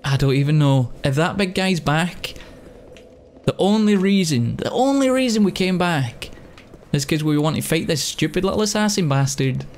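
A man giving casual gameplay commentary as a let's play host, excitable and swearing a lot. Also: fairly high pitch, moderate pace.

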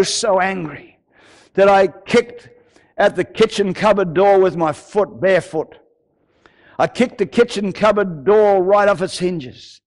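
An older man, a pastor from Australia, preaching a sermon with passion, repeating words for emphasis and stammering now and then as he tells his story. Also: high voice. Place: church.

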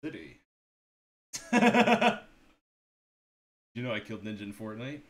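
Excitable young male streamer, lively pitch. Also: slow. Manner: excitable, swears, laughs a lot, greets chat. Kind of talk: live gaming stream chat.

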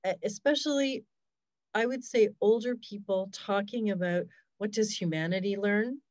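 A woman's voice: mid-range voice, normal speed, a little mellow, dry recording, dull audio. A woman, a hospice fundraiser, telling stories in a casual, reflective interview over a video call.

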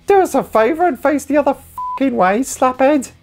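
A man voicing a one-eyed, foul-mouthed sock puppet that hurls rude insults in a squeaky voice. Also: expressive, moderate pace, soft background music. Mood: insulting. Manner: squeaky, abusive.

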